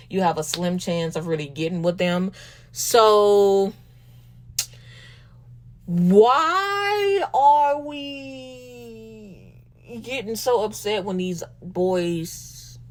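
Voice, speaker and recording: Speaking in a mid-range voice, a Southern US woman hosts a laid-back commentary talk show as a podcast host. She's animated and sassy, and calls listeners baby and y'all.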